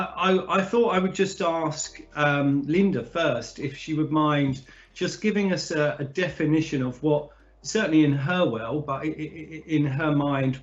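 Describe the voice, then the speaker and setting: A man hosting a discussion in a relaxed, chatty way, often pausing and restarting his sentences. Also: on the high side, muffled recording. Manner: hesitant, many fillers and restarts. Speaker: podcast host. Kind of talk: casual conversational hosting.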